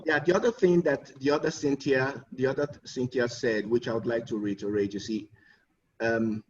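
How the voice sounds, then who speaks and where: A man's voice: mid-range voice, fairly even intonation, moderate pace, slight background noise. A man giving an earnest conference talk as a guest speaker, often repeating words as he builds a point. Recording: distant muffled online audio.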